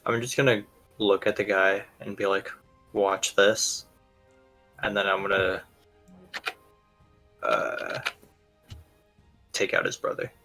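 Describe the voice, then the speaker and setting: A man's voice: low-pitched, flat delivery, measured pace, pauses often, bright, forceful tone, soft background music, rough recording. A man playing a tabletop game, talking loosely and chatting through his moves. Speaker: player. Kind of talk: casual tabletop game play.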